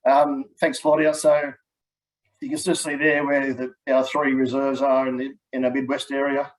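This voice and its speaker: A middle-aged man with an Australian accent giving a relaxed, chatty webinar presentation as a land manager, with frequent ums. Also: medium pitch, normal speed, low-quality recording. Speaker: healthy landscape manager.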